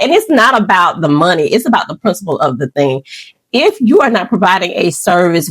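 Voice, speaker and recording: A woman's voice: medium pitch, dry recording. Opinionated woman host, dry close sound. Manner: opinionated, conversational. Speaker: host reacting to clips. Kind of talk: commentary on clips.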